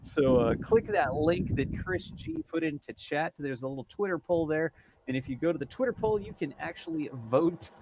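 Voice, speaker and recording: A man's voice: on the high side, lively intonation, normal speed, lo-fi sound, background noise. A man hosting a live stream in casual chat, rambling a little and reading out viewer donations. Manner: chatty and rambling, with frequent fillers and self-corrections. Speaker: livestream host.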